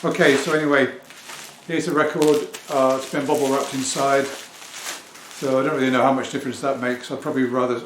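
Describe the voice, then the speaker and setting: Middle-aged English man, record vlogger, chatty and self-assured, mid-pitched voice, echoey home room. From England. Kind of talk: casual talk to camera. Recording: echoey room with faint ambient noise.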